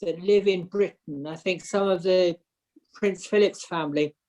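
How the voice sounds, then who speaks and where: A member of a history group joining a video-call discussion in a tentative, unhurried way. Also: medium pitch, darkish tone. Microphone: computer mic on a video call.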